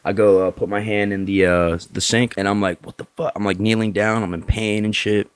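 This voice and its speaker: A man with a fairly low, smooth voice speaks briskly as a guest on a podcast. He tells a casual, animated story from the Tampa area, swearing freely and acting out other people's voices.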